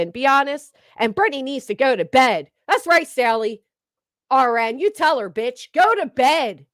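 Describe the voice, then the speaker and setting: A woman's voice: high voice, dry recording, studio quality. A woman giving blunt, mocking, profanity-heavy reaction commentary. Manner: blunt, mocking, swears heavily. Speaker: commentary streamer.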